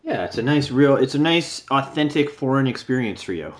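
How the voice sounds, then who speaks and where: A young man co-hosting a casual comedy podcast, firing off dry, sardonic quips in a flat, deadpan way. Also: mid-range voice, brisk. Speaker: podcast co-host.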